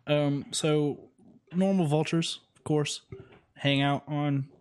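A man's voice: fairly high pitch, steady tone, slow pace, clean tone. A man co-hosting a podcast in casual chat, from the Southern United States, joking and rambling with lots of fillers. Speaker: podcast co-host.

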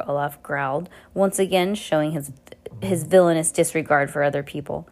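A woman's voice: low voice, a little fast, a little mellow. A woman reading a novel aloud in an unpolished way, often stopping to correct herself. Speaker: reader.

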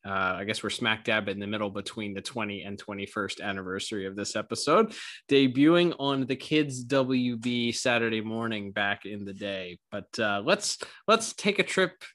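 A man's voice: fairly low pitch, expressive, moderate pace, fairly bright tone. A man co-hosting a podcast who rambles chattily and laughs easily. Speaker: podcast co-host. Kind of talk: casual podcast review chat.

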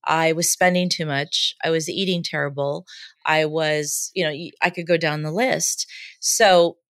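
A woman's voice: low voice, measured pace, no echo. A woman in her fifties, a guest on a podcast, telling her life story candidly and with animation. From United States. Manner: candid, animated, laughs easily. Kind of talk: casual storytelling interview.

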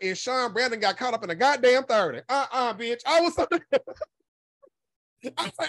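A man with a strikingly high voice talks in a sassy, profane and emphatic way, hammering his points home by repeating them. The sound is close and dry, with no room around it. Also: normal speed, dry recording. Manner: animated storytelling with laughter. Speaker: YouTube content creator. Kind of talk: casual solo commentary.

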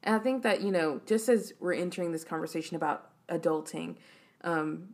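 A woman's voice: fairly low pitch, steady tone, a little fast. A young woman co-hosting a faith podcast, talking earnestly and often affirming her co-host. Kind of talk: casual faith-based chat.

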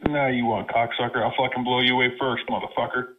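A man's voice: medium pitch, little pitch movement, fast, a little hiss or hum. Man ranting profanely over a phone line. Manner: profane, threatening rant. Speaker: prank caller. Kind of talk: angry prank phone call.

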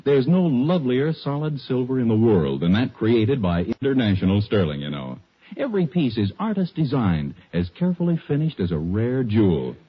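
A man's voice: medium pitch, very animated, normal speed, slightly rough. A man announcing a scripted radio ad in a hearty, persuasive way, on a dull old radio recording.

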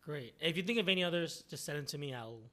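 A man's voice: fairly high pitch, animated, quick pace, fairly bright tone. A young man hosting a podcast, chatting casually and making self-mocking jokes. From Southern California. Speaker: podcast host. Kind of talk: casual chat.

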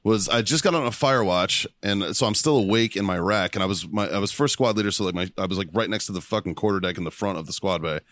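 A man's voice: lowish voice, quick pace, few pauses, a bit bright, no room sound, studio quality. A man hosting a podcast, telling profane, laughing stories from his time at boot camp. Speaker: podcast host, former Marine recruit. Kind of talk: casual chat.

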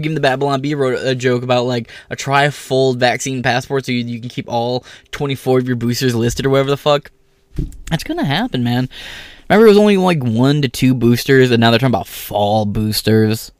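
A young man in a casual, profane monologue, ranting heatedly and getting louder as he vents. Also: medium pitch, no echo. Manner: profane, heated, animated rant. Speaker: commentator.

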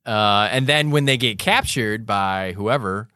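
A man's voice: fairly low pitch, a little slow, bright, forceful tone, clear, resonant tone, no echo, studio quality. A man co-hosting a casual comedy podcast, telling a joking story in a loose, chatty way. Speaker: podcast co-host.

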